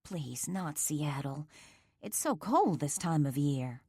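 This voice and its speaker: A feverish young mother held captive, as a woman narrator voices her, speaks in a weak, strained, low voice that swings widely. The storybook recording is dry and close, with faint music under it. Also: big pitch swings, slow pace, darkish tone, breathy edge, dry recording, full character voice. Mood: pleading.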